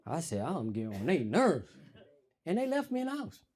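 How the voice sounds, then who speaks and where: A male comedian telling a long story on stage, in a loose manner. His pitch swings widely, and he jumps into a raised voice whenever he acts out what someone said. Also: moderate pace, husky. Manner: animated, acts out quotes in raised voice. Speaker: stand-up comedian. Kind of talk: stand-up storytelling.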